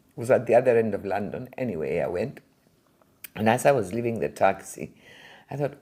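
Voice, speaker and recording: Older woman, collector recounting anecdotes in an interview; husky, mellow voice, lively storyteller. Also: very deep voice, brisk. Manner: animated, vivid storyteller. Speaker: art collector and museum founder.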